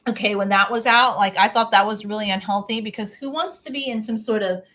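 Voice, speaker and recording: A woman's voice: mid-range voice, fairly quick, pushed and bright, low-quality recording. A young adult woman chatting casually to camera as a vlogger, opinionated and full of "like" fillers.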